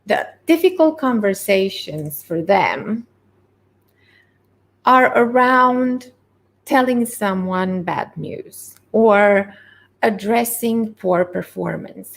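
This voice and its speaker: A woman coach talks through workplace leadership skills in an earnest, conversational tone. Her mid-pitched voice has a gravelly edge and a slight hoarseness. She often pauses on small fillers as she goes. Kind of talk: webinar-style coaching talk.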